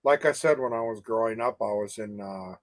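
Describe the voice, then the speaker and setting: Halting man with a dry sound. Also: fairly low pitch, no echo. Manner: hesitant, halting, many uh's. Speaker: caller. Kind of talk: casual phone chat.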